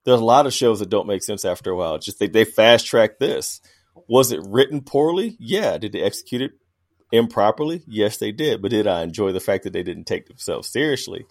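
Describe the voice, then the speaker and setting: A man's voice: fairly low pitch, a little fast. Emphatic man defending his take. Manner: animated, emphatic, laughs while arguing. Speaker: podcast co-host. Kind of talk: casual debate chat.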